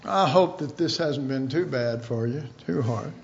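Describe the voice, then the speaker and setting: Slow, folksy preacher man. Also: mid-range voice, gravelly, lo-fi sound, slight background noise. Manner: rambling, folksy, chuckles often. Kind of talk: informal sermon.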